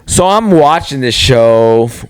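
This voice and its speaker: A man's voice: mid-range voice, a little slow, smooth. A man in his forties hosting a podcast, telling rambling, profane stories in casual chat. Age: 40s. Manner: rambling, profane, animated storytelling. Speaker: podcast host.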